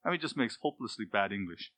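A man preaching an expository sermon, stressing key words by repeating them and dropping to quiet asides. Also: lowish voice, big pitch swings, rapid-fire, dry recording. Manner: emphatic, repeats key words, swings between loud stress and hushed asides. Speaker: pastor.

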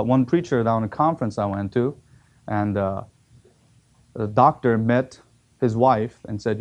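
A man's voice: mid-range voice, darkish tone. A man preaching a sermon, telling a story with acted quotes and emphatic repetition.

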